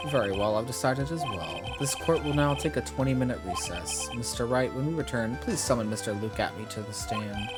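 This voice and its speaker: A man's voice: medium pitch, a little fast, hardly any pauses, over loud music, natural voice. A man reading as a mild old courtroom judge. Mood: stern. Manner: reads the lines plainly aloud.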